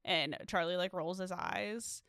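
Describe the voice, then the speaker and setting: A woman's voice: fairly low pitch, measured pace, fairly bright tone, no room sound. Chatty woman podcaster, dry close sound. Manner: chatty, swears casually, laughs often. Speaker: podcast co-host. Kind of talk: casual chat recapping a movie.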